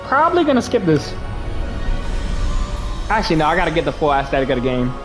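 Young guy joking through a game walkthrough, slangy and hyped, bit high voice, game music under him. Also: huge pitch swings, fast. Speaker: gaming streamer. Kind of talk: game commentary.

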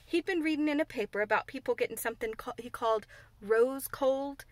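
A woman's voice: sits high, fairly quick, no room sound, natural voice. A woman voicing an anxious, homely young housemaid in broad dialect, in a dry close recording. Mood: gossiping. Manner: broad dialect, plain and warm-hearted.

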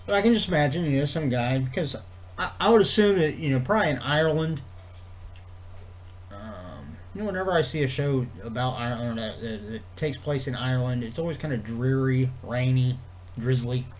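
A man vlogging in a rambling casual way, swearing freely and filling pauses with ums and you-knows. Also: medium pitch, animated. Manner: rambling, profane, many fillers and restarts. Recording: faint background noise.

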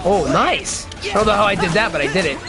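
A woman streaming a video game, commenting excitedly as she plays, often laughing at herself and breaking into shouts. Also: fast, vocal fry. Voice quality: high, lively voice that jumps into shouts and laughs. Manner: gushing and giddy, laughing at herself. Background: game music.

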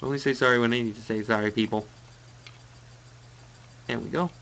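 A man's voice: mid-range voice, fairly even intonation, a little fast, a bit bright, slight background noise, rough recording. A young Canadian man with a Canadian accent, chatting to viewers while he plays a racing game live. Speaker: let's play streamer.

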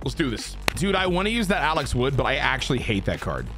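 Excitable, swearing young gaming streamer man. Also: mid-range voice, quick pace, over music. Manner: excitable, swearing, talks to himself and his viewers. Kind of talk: live gameplay commentary.

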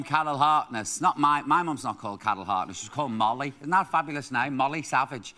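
A man hosting a TV chat show, reading viewers' letters with cheeky, quick-witted comic asides. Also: mid-range voice, lively intonation. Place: TV studio with live audience. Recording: TV broadcast with loud audience and noise.

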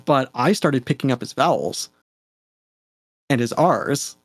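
A man's voice: mid-range voice, sing-song, measured pace, slightly rough, dry recording. A man with a Canadian accent, a game designer chatting as a guest, easygoing and full of fillers and little laughs. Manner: chatty, laughs often, many fillers and restarts. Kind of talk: casual fireside chat.

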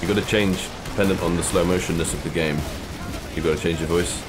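A man's voice: deep voice, fairly even intonation, fast talker. A man hosting a let's play, chatting and joking with friends in a playful, giggly way that breaks into yelps. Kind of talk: casual gaming chat with friends. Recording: game noise mixed under voice. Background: game gunfire and ambience.

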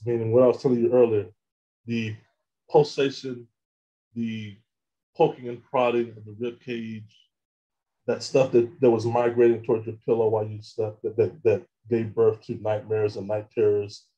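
A man giving a candid personal account as a guest in a discussion. He talks haltingly and often repeats words while he searches for them. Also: mid-range voice, dark tone, lo-fi sound. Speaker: guest recounting experiences.

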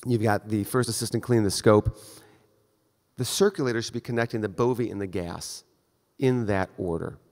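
In a lecture hall with long reverb, a man with a fairly low, darkish voice gives a conference talk as a surgeon. He speaks at a moderate pace, conversational and direct, briefly acting out exchanges.

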